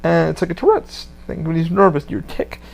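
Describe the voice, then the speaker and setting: Podcast host, male, raised pitch, very gravelly; loose, rambling, swearing delivery. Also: lively intonation, brisk, a little mellow. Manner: rambling, profane, full of fillers. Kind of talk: casual rambling monologue.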